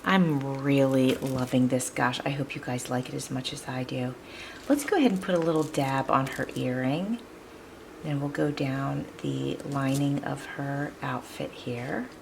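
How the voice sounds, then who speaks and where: Woman crafting host, low gravelly voice, chatty and upbeat, faint hiss behind. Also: unhurried, a little mellow, poor audio. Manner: chatty, upbeat, laughs often while working. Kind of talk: casual crafting tutorial chat.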